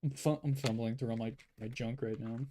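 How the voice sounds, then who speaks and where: A man's voice: mid-range voice, fairly even intonation, a little fast, mellow, a little hiss or hum. A man talking to himself in a rambling way as he draws, giving casual commentary. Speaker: artist.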